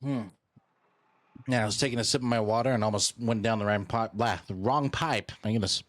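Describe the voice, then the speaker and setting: A young man streams a racing game, his lowish voice brisk and free of any room sound. He chats in a goofy, casual way and playfully repeats phrases.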